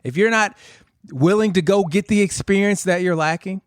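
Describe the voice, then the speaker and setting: A man's voice: high voice, normal speed, no echo, studio quality. A man co-hosting a podcast who rants heatedly in casual chat. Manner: heated, ranting. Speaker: podcast co-host.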